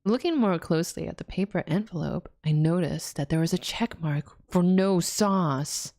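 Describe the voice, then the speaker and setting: A woman's voice: lowish voice, moderate pace, creaky, warm tone. A woman streamer casually playing a story game, reading its text aloud, laughing often and exclaiming at the twists. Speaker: VTuber streamer.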